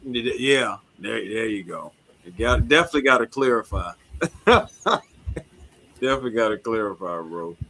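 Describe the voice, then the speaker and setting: A man with a bright, forward tone. He co-hosts a casual sports talk show, relaxed and slangy, agreeing easily and keeping things real. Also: lowish voice, moderate pace, pauses often, low-quality recording. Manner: laid-back, slangy, agreeable.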